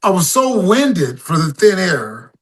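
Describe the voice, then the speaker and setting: A man's voice: high-pitched, slow, breathy edge. A man, a singer-songwriter guest, telling stories casually in an interview and acting out his own stage calls. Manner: animated storyteller, acts out crowd calls.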